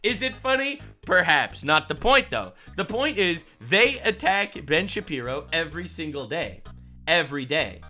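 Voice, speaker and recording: A young man doing a reaction stream in a bright, forceful, slightly high voice. He is incredulous and excitable, swinging from loud disbelief to quick asides, with faint music playing behind him. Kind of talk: reaction commentary.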